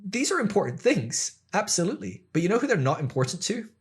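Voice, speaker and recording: A man on a podcast as the guest, explaining ideas in casual chat, animated and acting out quoted voices, with frequent fillers. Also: high voice, fast.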